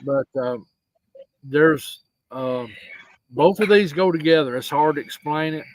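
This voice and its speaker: A man hosting a live stream, talking earnestly and haltingly about faith. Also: fairly high pitch, poor audio. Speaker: host. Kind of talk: casual live-stream conversation.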